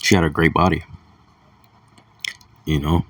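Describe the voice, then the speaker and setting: A man's voice: a bass voice, little pitch movement, measured pace, a bit bright, dry recording, far from the mic. A young man talking in a crude, rambling casual monologue, chuckling between thoughts. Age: young adult. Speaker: vlogger.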